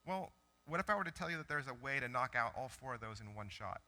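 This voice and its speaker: Man, pastor, very bright voice, chatty animated sermon, church. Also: mid-range voice, fast. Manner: conversational, animated storytelling with self-corrections. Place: church sanctuary.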